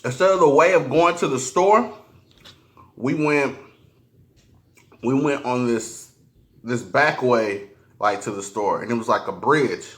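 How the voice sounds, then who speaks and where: A mukbang vlogger with a medium-pitched, fairly bright voice eats on camera while telling a personal story. His speech is slangy and profane, and he halts and restarts often.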